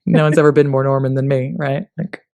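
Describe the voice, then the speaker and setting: A man co-hosting a casual history chat, animated and joking, often swearing and acting out little voices. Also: mid-range voice, fast, creaky, no room sound. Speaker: podcast co-host. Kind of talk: casual conversational discussion. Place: lives in the UK.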